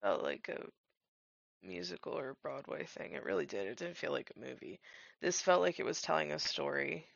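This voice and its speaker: Woman podcast co-host, gravelly, animated intonation, dry close sound. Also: low-pitched, normal speed, no echo, dull audio. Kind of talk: casual movie-watch commentary.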